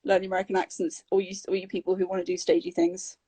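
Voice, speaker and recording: Husky, rambling young woman. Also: medium pitch, flat delivery, fast, dark tone. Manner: bubbly, rambling, self-mocking. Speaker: guest vocal coach. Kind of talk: casual livestream chat. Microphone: phone on a video livestream.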